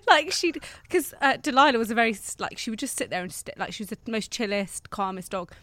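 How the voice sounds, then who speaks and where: A woman's voice: a little high, lively intonation, fairly quick, no echo. Young English woman, rambling with fillers. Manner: rambling, filler-heavy, drops into soft quiet asides. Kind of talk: casual chat.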